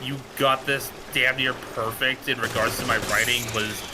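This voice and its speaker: A man's voice: mid-range voice, steady tone, normal speed, noisy background. A man chatting playfully with a friend during a gaming stream. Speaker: streaming guest. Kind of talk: casual chat while gaming. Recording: music playing behind.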